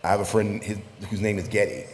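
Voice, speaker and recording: A man's voice: on the low side, fast, a little mellow. A man from the southern United States, an author on a panel, joking and laughing often as he talks. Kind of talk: panel talk. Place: live event venue. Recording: reverberant hall with faint noise.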